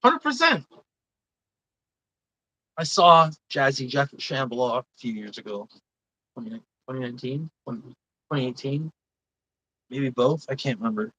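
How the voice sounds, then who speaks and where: A woman's voice: very deep voice, normal speed, a bit bright, husky, poor audio. A woman hosting a live stream, chatting casually and swearing a lot as she gives blunt, indignant opinions.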